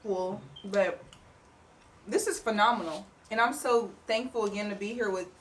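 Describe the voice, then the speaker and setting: A woman's voice: mid-range voice, moderate pace. A woman winemaker chatting casually and with animation at a tasting, laughing and promoting her wines. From Kansas City. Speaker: winemaker guest. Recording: distant mic, faint room noise.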